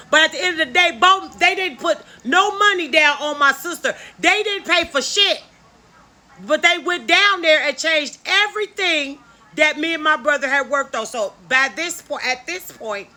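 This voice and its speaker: Bright, high-voiced woman telling a story. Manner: emphatic, candid storytelling with frequent asides to viewers; blunt, occasional cursing. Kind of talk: casual storytime monologue.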